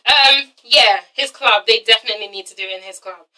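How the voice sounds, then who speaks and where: A woman's voice: a little high, fairly quick, sharp tone, recorded from a distance, a little hiss or hum, low-quality recording. A woman reviewing a TV drama in a casual vlog, emphatic and profane, who keeps checking in with "okay?". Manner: emphatic, swears often, keeps asking "okay?". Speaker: TV show reviewer.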